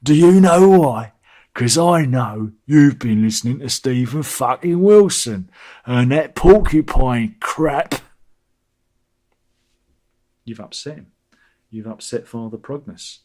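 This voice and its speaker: A man voicing a grumpy Father Christmas who loudly scolds children. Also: animated, a little slow. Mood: scolding. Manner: booming, scolding.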